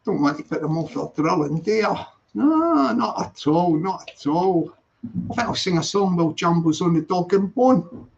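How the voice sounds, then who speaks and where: A man's voice: high-pitched, lively intonation, moderate pace, gravelly, a little mellow, a little hiss or hum. A Scottish man hosting a casual live stream, upbeat and chatty, repeating his greetings. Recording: dull lo-fi sound.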